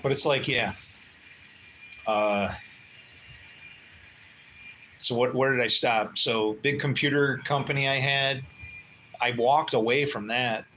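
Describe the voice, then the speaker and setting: Blunt, sharp-toned older man rambling on a livestream. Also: medium pitch, steady tone, slow pace, pauses often, slight background noise, low-quality recording. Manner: blunt, swearing storyteller who mutters asides. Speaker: livestream host. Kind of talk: casual rambling livestream chat.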